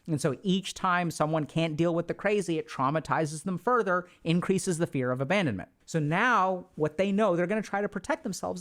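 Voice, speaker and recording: A man giving a casual, animated talk on relationships, acting out quoted dialogue. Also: a little high. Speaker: relationship educator.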